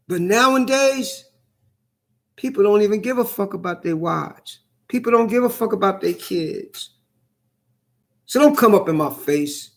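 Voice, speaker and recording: A man's voice: high voice, animated, unhurried, gravelly. A man delivering a heated, profane monologue, repeating himself as he rants. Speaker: vlogger. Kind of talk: angry ranting monologue.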